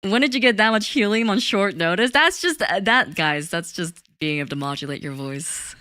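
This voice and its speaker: A woman's voice: mid-range voice, expressive, moderate pace, bright, forceful tone, no room sound. A woman streaming live, chatting casually with her chat, giggly and talkative. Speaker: VTuber streamer.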